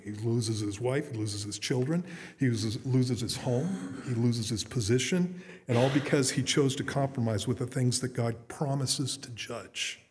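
Middle-aged pastor preaching in a reverberant hall. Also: male voice, mid-range voice, a little mellow. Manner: earnest, conversational, with frequent restarts. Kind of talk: sermon.

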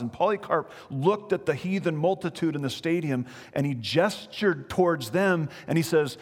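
A man preaching as he retells a story, animated, speaking directly to his listeners. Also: fairly high pitch, moderate pace, big-room sound. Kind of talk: sermon storytelling.

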